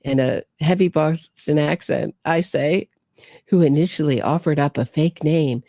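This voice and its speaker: A woman hosts a true crime show, delivering incredulous, sarcastic commentary and firing off pointed questions. Her voice is dark with a gravelly creak, recorded close and dry. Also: low-pitched, dry recording. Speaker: true crime podcast host.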